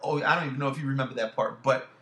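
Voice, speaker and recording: Casual podcast co-host, high bright male voice, profane animated rants, roomy sound. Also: very fast, slight background noise. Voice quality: loud animated outbursts, heavy swearing. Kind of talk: casual chat.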